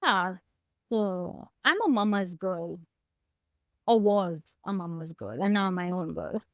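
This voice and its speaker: A woman's voice: on the low side, expressive, a little slow, no echo. A woman guest talking candidly and emotionally about her past in a personal conversation, close to tears at times. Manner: heartfelt, emotional, reflective. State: tearing up.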